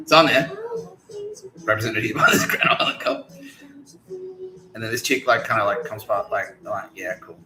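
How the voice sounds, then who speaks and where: A man's voice: on the low side, sing-song, a little slow, pauses often, crowd noise. A man telling a rambling comic story as a podcast host, swearing freely and breaking into laughter. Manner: profane, laughing, rambling delivery. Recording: echoey room with music playing.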